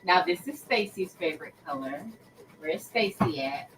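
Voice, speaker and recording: A woman's voice: lowish voice, expressive, normal speed, fairly bright tone, a little hiss or hum. A middle-aged woman hosting a craft livestream, chatting casually and expressively with viewers and calling them by name. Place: craft room.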